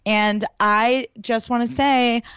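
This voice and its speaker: A woman's voice: on the high side, fairly even intonation, takes it slowly, fairly bright tone, smooth, dry recording. Young woman podcaster, swears a lot, blunt storyteller, kinda dull dry sound. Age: young adult. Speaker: podcast co-host. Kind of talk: casual chat about reality TV.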